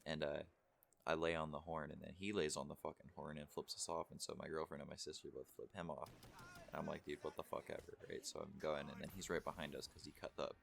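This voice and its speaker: A man's voice: rumbling low, flat delivery, fast, gravelly, a bit bright, slight background noise. A young man telling a story casually, rambling and swearing a lot, with many fillers. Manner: rambling, profane, full of fillers. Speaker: vlogger.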